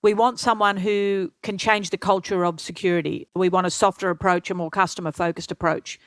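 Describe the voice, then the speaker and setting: Older woman telling lively stories. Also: lowish voice, fairly quick, clear, resonant tone, no room sound. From Australia. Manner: lively anecdotes, acts out quoted voices. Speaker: interview guest. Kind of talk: storytelling interview.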